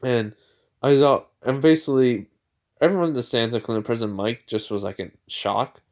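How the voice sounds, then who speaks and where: A man casually retells a fan-made story, rambling and stacking up filler words as he goes. His pitch sits in the ordinary middle range for a man. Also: a little fast, a little mellow.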